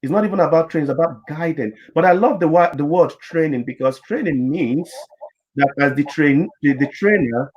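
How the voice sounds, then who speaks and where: A man's voice: on the high side, brisk, darkish tone, dull audio. A man speaking as a panelist and therapist in a panel discussion, earnest and explanatory, often repeating words as he builds his point.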